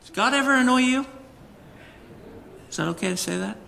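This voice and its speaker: A man preaching a sermon as a personal story, earnest and animated, with emphatic peaks. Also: extremely high pitch, a little fast, gravelly, long reverb tail, slight background noise. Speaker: pastor.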